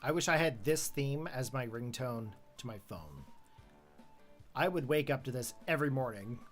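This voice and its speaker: Live let's play host, playful, chatty, lively pitch, soft music behind. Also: moderate pace. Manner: playful, laughs often, greets chat by name. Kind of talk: live gameplay commentary.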